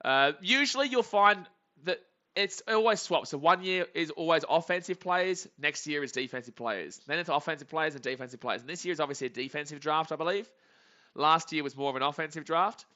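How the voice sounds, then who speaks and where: Aussie streamer, high sharp voice, dull lo-fi audio, chats and yells at plays. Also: male voice, fairly quick. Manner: chatty, reads chat, bursts into excited shouts. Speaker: live stream host. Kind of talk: live game reaction stream.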